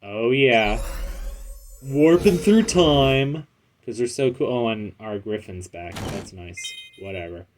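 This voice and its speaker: A man's voice: fairly low pitch, steady tone, normal speed, hardly any pauses, a little hiss or hum. A man hosting a casual let's play, rambling through gameplay commentary with self-mocking jokes. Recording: loud game music behind.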